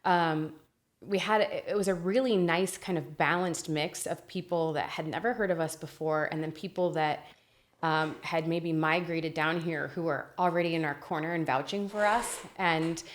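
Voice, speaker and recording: Woman, podcast guest, lowish voice, upbeat measured explaining. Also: fairly even intonation. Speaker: guest, restaurant manager. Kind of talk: casual interview chat.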